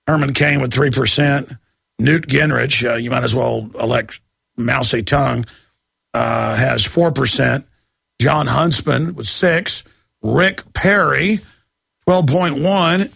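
Male talk radio host: fiery and rambling, gravelly and husky, dry close sound. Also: medium pitch, takes it slowly, a bit bright, no echo. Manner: rambling, emphatic ranting.

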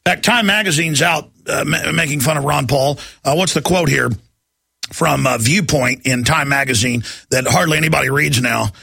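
A man hosts a talk radio show in a high, sharp voice, ranting and mocking with biting sarcasm. The sound is dry and close. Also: moderate pace, creaky, slightly rough, no room sound. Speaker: radio host.

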